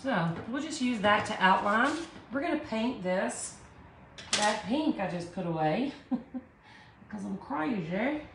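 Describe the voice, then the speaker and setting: A woman with a Southern US accent hosts a live art tutorial, chatting with viewers and talking herself through each step with self-deprecating humor. Her medium-pitched voice is expressive, slow, creaky, and a bit bright. The echoey room carries a little hiss or hum.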